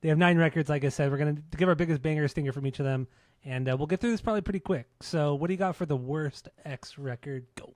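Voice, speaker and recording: A man's voice: on the high side, quick pace, darkish tone, no room sound. A man co-hosting a podcast in casual chat, blunt and sardonic, swearing as he gives his opinions. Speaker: podcast co-host. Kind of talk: casual chat about music.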